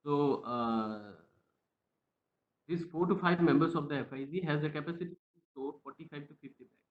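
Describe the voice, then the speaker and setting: A man presenting slides in a webinar over a video call, hesitant with many fillers and speaking softly. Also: on the high side, moderate pace. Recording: tinny phone-like line in an echoey room.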